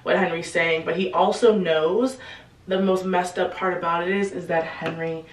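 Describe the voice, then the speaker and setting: A woman giving a casual, slangy recap of a novel, acting out the characters' lines in quick bursts. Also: lowish voice, fairly even intonation, recorded from a distance. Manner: chatty, slangy, acts out quotes in quick bursts. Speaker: book explainer. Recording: roomy echo, a bit off-mic.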